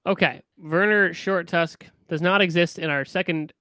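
A man hosting a podcast in casual chat, firing off quick probing questions. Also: high-pitched, bright, forceful tone, clean tone, no echo, clean studio sound. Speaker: podcast host.

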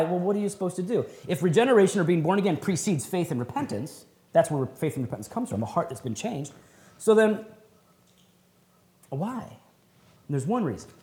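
Animated, folksy preacher man, echoey room. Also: fairly high pitch. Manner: animated and conversational, with folksy slang and laughing asides. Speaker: pastor. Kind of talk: sermon at a men's retreat.

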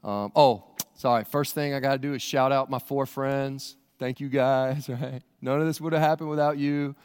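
A man's voice: mid-range voice, fairly even intonation, normal speed, darkish tone, slight background noise, lightly acted. A preacher voicing a healed former paralytic man, who gives a chatty, folksy testimony.

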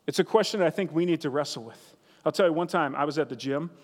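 High-pitched guy preaching, earnest and chatty, repeats his lines, big echoey hall. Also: fast. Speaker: pastor. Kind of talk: sermon. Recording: reverberant hall sound.

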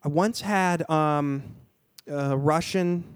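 A man's voice: a little high, slow, clear, resonant tone, no room sound, clean studio sound. A man in casual conversation, talking in a rambling way, often restarting and searching for words.

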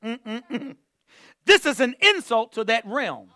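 A man's voice: extremely high pitch, animated, unhurried, bright, forceful tone. A man preaching a sermon to a church, repeating phrases and calling on the congregation to answer back. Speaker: pastor.

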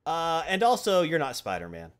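A man's voice: on the high side, huge pitch swings, normal speed, clear, resonant tone. A man playing an impatient male sorcerer who talks in curt, exasperated bursts.

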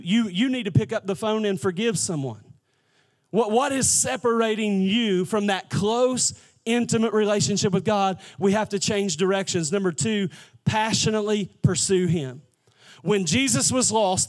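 High-voiced preaching man. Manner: builds to impassioned shouting, repetitive preaching cadence. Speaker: pastor. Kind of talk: sermon.

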